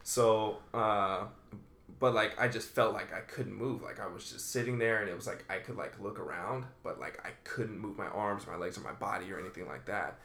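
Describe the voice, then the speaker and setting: Low gravelly dude, bright edge, sounds echoey, super laid back and swearing. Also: male voice, normal speed. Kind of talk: casual chat, storytelling.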